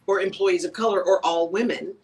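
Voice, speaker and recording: A woman's voice: lowish voice, a little fast, far from the mic, poor audio. Woman radio host talking, slightly off-mic. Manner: conversational, animated, keeps asking "right?". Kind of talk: solo talk radio monologue.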